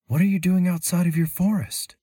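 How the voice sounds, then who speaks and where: A woman's voice: lowish voice, steady tone, a little fast, mellow, slightly rough, no echo, studio quality, voice pushed up. A man voicing an anxious young woman traveler in a storybook reading, worried and full of questions, his voice raised well above his own. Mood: hushed.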